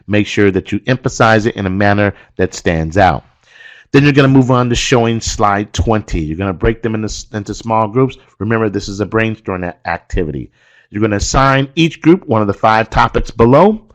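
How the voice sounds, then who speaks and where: Male trainer, lowish voice, methodical slide-by-slide coaching of instructors, leans on "okay" and "again". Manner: directive, walks through slides step by step; stresses key points, repeats phrases like "okay" and "again".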